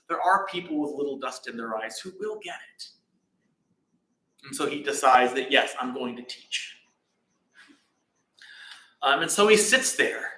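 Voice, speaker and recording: A man giving a casual dharma talk in a temple hall, relaxed and chatty, with many fillers and restarts. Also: on the high side. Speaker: temple teacher. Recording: echoey hall.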